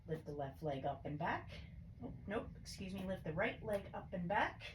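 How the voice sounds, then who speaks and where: A woman with a low voice leads a yoga class, calmly calling out each pose and breath. Her throat sounds a little choked up. She is picked up from across the room by a distant microphone, with a faint hiss behind her. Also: normal speed. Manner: calm, steady cueing of poses and breaths. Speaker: yoga instructor. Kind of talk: guided yoga class instruction.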